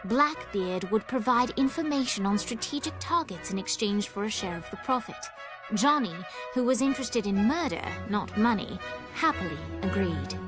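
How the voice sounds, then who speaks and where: A woman's voice: mid-range voice, animated, moderate pace, close to an everyday voice. A woman giving scripted narration for a video game in a dry, storybook manner. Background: game music.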